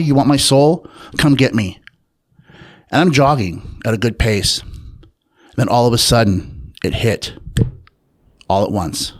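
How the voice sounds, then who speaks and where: A man speaking as an interview guest, recounting a personal story. He talks in an unhurried, reflective way, pausing often and filling gaps with small hesitations. His voice sits at an ordinary middle pitch for a man. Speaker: interview guest, author and researcher.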